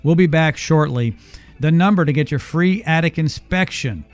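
A man hosting a radio show, pitching a free service with an upbeat sales manner and slowly repeating a phone number. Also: animated, darkish tone, faint music behind. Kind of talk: radio show sponsor promotion.

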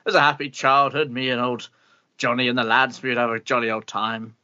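A man's voice: medium pitch, little pitch movement, fairly quick, pushed and bright, smooth, dry recording, highs cut off. A man playing a pompous, bitter older meteorologist with an upper-class English accent, blustering and grumbling in an improvised comedy interview. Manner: blustering, grumbling, swears mildly.

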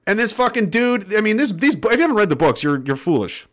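Man ranting to his viewers, swears a lot, fervent and rambly, a bit high voiced. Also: sing-song, fast, fairly bright tone. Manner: profane, rambling, fervent, with restarts. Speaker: online commentator. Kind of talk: impassioned monologue.

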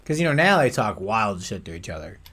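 A man co-hosting a casual podcast chat, excitable and laughing often. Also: fairly low pitch, a little fast, slight background noise. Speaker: podcast co-host.

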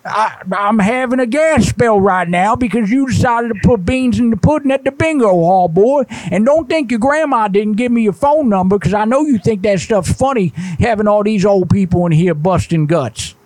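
A man voicing a cranky, foul-mouthed old grandpa ranting at a prank-call target in rough slang. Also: high voice, normal speed, few pauses, a little mellow, no room sound, pitched above the performer's own voice, natural voice. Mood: irate grumbling. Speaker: prank caller.

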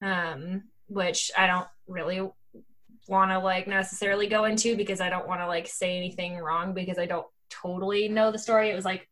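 A woman's voice: mid-range voice, flat delivery, a little fast, fairly bright tone. A woman co-hosting a podcast in casual chat, talking in a rambling way with lots of "like" fillers and frequent laughter. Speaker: podcast co-host. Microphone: remote call mic.

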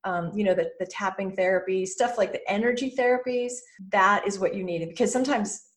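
A middle-aged woman speaks as a podcast guest, mid-pitched for a woman. She talks in an animated way, slipping into little quoted voices to show her point. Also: fairly quick. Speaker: guest, mentor to business owners. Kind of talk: podcast interview.

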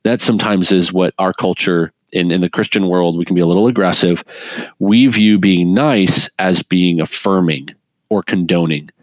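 Deep-voiced man sharing a faith testimony. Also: normal speed, dry recording. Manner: animated, laughs often, frequent restarts. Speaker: guest. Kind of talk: earnest conversational testimony.

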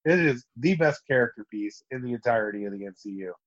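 A man's voice: medium pitch, expressive, fast talker. Man, laid-back co-host, dry wit, muffled home sound. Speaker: podcast co-host. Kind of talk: casual chat. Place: bedroom at home.

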